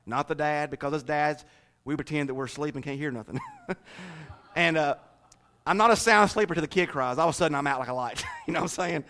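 A man's voice: fairly high pitch, a bit bright, smooth. A middle-aged man preaching a sermon in a folksy, joking way, speaking straight to the congregation. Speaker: pastor.

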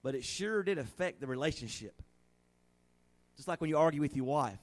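A middle-aged man preaching a sermon in a folksy, animated way, acting out little scenes in a hushed voice. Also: a little high, fairly quick. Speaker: pastor.

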